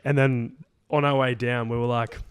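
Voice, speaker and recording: In casual podcast chat, a young co-host tells a long, rambling travel story at normal speed, swearing casually and saying "like" a lot. His mid-range voice is flat in delivery yet clear and resonant. It sounds dry and close, with no room sound.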